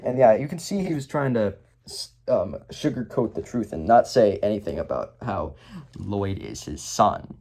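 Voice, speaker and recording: A man's voice: on the low side, expressive, moderate pace, darkish tone. A young man casually reviewing a movie, rambling with lots of ums and sarcastic asides.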